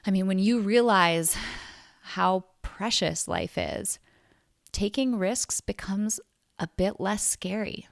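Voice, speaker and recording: A woman's voice: mid-range voice, takes it slowly, gravelly, no room sound, clean studio sound. A woman hosting a solo podcast, talking in an earnest, reflective way with emphatic stresses. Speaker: podcast host.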